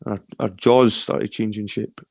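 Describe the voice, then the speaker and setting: A man's voice: on the low side, steady tone, unhurried, creaky, no echo, studio quality. A man with a Scottish accent in a rambling, casual late-night chat, swearing freely. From London. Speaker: chat guest.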